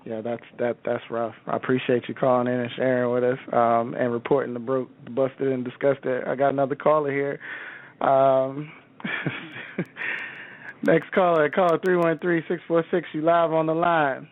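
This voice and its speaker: A man's voice: medium pitch, flat delivery, moderate pace, no echo, narrow, tinny audio. A man hosting a call-in radio show, chatting casually and teasing callers with frequent laughs. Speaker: radio talk show host.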